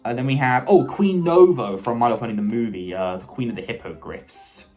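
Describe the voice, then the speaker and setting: An eager man chats loosely to camera as a fan vlogger, often restarting his sentences and wandering into side remarks. His voice sits at an ordinary middle pitch. Faint music plays softly underneath. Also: brisk. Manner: enthusiastic, fan-like, many self-corrections and asides. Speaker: video host ranking cartoon characters. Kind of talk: casual rambling commentary.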